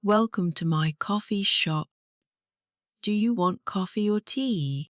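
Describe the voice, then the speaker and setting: A woman playing a friendly coffee shop barista in a practice dialogue, saying short, simple lines slowly for learners to repeat. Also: mid-range voice, no room sound, studio quality, lightly acted. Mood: welcoming.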